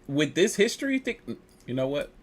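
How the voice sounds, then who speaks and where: A man reacting to a video in loose, slangy commentary. He jokes with himself and throws in quick quips. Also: on the high side, background noise. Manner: slangy, joking, animated asides.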